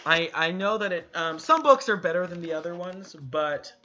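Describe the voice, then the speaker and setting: A young man with a notably high voice co-hosts a casual podcast chat. He talks in an animated, exclamatory way. The recording sounds dull and lo-fi. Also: normal speed. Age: young adult. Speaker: podcast co-host.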